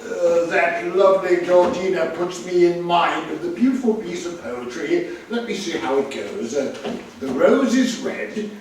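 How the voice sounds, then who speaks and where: An actor playing a dim-witted, fussy English lord on a theater stage, stammering through constant hesitant fillers. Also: male voice, sits high, expressive, a little slow. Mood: befuddled. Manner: constant hesitant 'uh' fillers, muddled logic. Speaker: actor in a play reading. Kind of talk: stage play reading. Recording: very echoey theater, distant mic, faint hiss.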